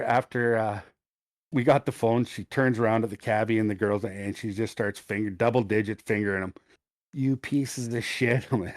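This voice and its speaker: A middle-aged man, co-hosting a podcast, tells an animated, profane story in casual chat. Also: medium pitch, no room sound, studio quality. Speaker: podcast co-host.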